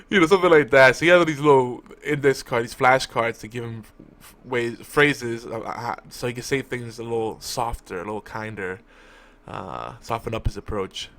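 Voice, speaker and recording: A man's voice: normal speed, a bit bright. A man talking casually as a podcast host, recapping a TV episode with lots of restarts and asides. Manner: rambling, with frequent restarts and fillers; talks to his cat in a high cooing voice. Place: home room at a desk.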